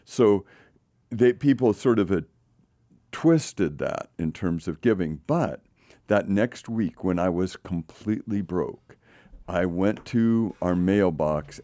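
A man's voice: sits low, warm tone, no room sound, clean studio sound. An older man hosting, encouraging his guests and telling his own story. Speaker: host. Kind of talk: casual conversation.

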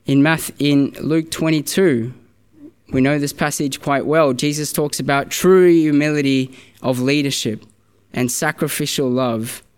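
A man's voice: on the high side, fairly even intonation, a little slow, smooth. A man preaching a sermon in a church, earnest and conversational, often restarting his sentences. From Australia.

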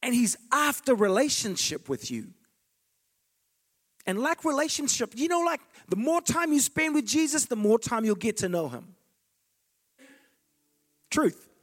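Passionate high-pitched male preacher. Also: big pitch swings, unhurried, pauses often, breathy edge. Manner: passionate, swinging from loud declarations to hushed asides. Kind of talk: sermon.

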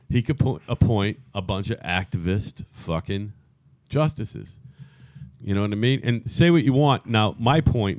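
A man's voice: fairly low pitch, darkish tone, no echo. Emphatic, swearing podcast co-host man. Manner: emphatic, repeats his points, swears often. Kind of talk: casual political chat.

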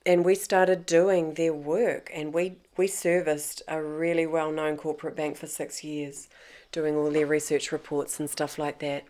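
Middle-aged kiwi woman, lowish voice, telling her story, laughing and acting out what people said. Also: unhurried. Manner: lively, laughs often, acts out quoted voices. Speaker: interviewee. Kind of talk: personal storytelling.

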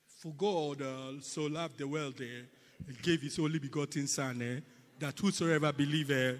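A man putting on a male churchgoer who recites scripture haltingly in a French accent, with many "eh" fillers. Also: a little high, steady tone, voice pushed down, natural voice. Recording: long reverb in a large hall.

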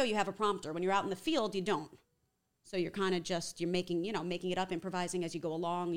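Brief: TV reporter woman, Long Island accent, lively casual podcast guest. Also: lowish voice. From Long Island, New York. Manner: animated, chatty, laughs easily. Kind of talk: casual chat.

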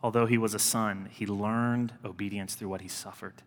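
A man's voice: fairly low pitch, steady tone, moderate pace. A man in his thirties preaching a sermon in an earnest, conversational way, repeating key lines for emphasis. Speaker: pastor. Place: church sanctuary. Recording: long reverb of a large church.

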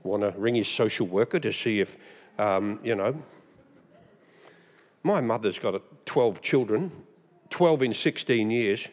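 An Australian man preaching a sermon, animated and humorous, mimicking voices as he goes. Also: lowish voice, a little slow, long pauses, big-room sound. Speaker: pastor.

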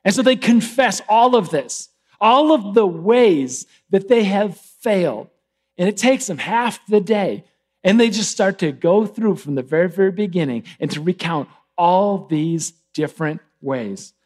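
High-voiced animated male preacher. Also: measured pace. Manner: conversational, animated, swings between loud and hushed. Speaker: pastor. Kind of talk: sermon.

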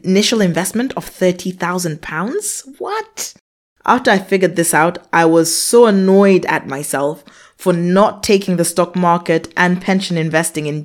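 A woman in her thirties hosting a finance podcast, talking through calculations step by step in an upbeat, explanatory way. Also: on the low side. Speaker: podcast host. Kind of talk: scripted finance podcast monologue.

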